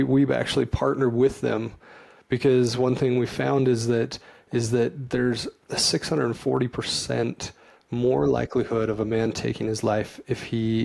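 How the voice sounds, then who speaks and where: A man's voice: medium pitch, gravelly, a little mellow. A middle-aged man, a podcast guest, telling his personal story candidly and with emotion. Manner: earnest, emotional, laughs easily.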